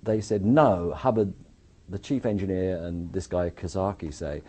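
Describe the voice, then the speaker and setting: Low-voiced English man telling a story. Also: moderate pace. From England. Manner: animated retelling, acts out quoted voices. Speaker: interview guest, architect. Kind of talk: casual storytelling interview.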